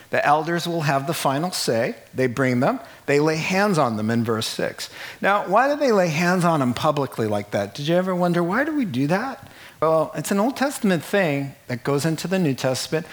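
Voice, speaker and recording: A man preaching a sermon as a pastor, animated and jokey, jumping up into high exclamations.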